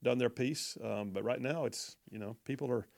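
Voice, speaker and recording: A man's voice: medium pitch, moderate pace, vocal fry, a little mellow. Male talk radio host, folksy, loose delivery, trips over words. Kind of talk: talk radio reading listener texts.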